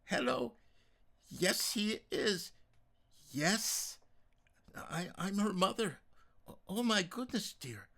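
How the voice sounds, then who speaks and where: A man's voice: a little high, sing-song, slow pace, gravelly, a bit bright, husky, pitched above the performer's own voice, full character voice. A man doing a doting, genteel mother. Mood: shocked. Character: fond, gentle middle-aged mother. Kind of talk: audiobook character voice.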